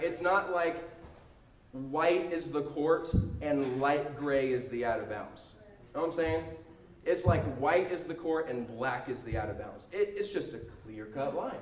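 A man giving a sermon built around a personal story, told in a humorous, animated way. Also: fairly high pitch. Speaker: preacher. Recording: roomy echo.

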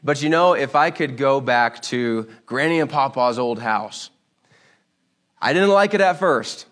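A man preaching a sermon, telling a Bible story with lively acted-out voices. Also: medium pitch, a little slow. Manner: animated storytelling, acts out voices. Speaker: pastor.

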